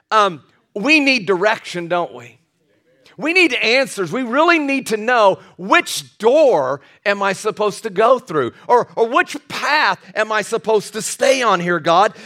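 This older man preaches in a high, light voice. His sermon is folksy and full of jokes, and he trips over his words and restarts as he goes. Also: a bit bright. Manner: folksy and joking, with many restarts and asides. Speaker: pastor.

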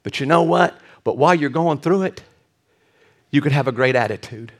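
Male pastor, high voice, animated storytelling sermon, sometimes hushed and tender. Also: moderate pace. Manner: drops to a soft hushed voice for tender moments.

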